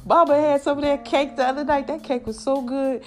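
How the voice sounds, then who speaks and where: A woman hosting a podcast with a raspy, slightly hoarse voice, preaching casually and calling her listeners "baby" and "y'all". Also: steady tone, a little fast. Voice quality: raspy, deeper than usual. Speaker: podcast host. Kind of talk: casual motivational podcast monologue.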